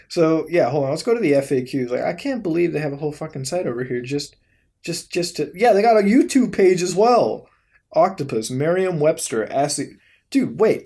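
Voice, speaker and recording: A young man hosting a video, giving casual commentary as he browses websites, swearing, laughing and reacting in disbelief, swinging between mumbles and sudden loud outbursts. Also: a little high, husky. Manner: profane, incredulous, laughs often. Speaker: YouTube host.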